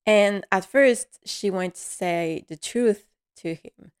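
A woman's voice: mid-range voice, slow pace, clear, resonant tone. Chatty woman recapping a TV episode. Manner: chatty, laughs often, many fillers.

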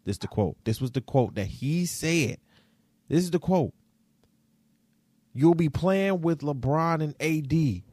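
Animated young man on a sports talk show. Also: on the high side, unhurried, long pauses, dry recording. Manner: animated, profane, swings from shouting to muttering. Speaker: podcast co-host.

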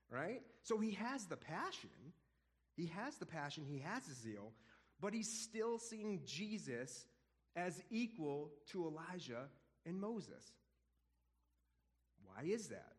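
Guy doing a chill bible study, animated and chatty, voice on the higher side. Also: normal speed. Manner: animated, conversational, chuckles often. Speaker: Bible teacher. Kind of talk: casual Bible study teaching.

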